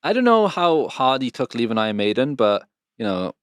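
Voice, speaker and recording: A man's voice: mid-range voice, very animated, a little fast, a bit bright, clean tone, no echo, studio quality. A man hosting a casual podcast chat, laughing and swearing freely. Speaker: podcast host.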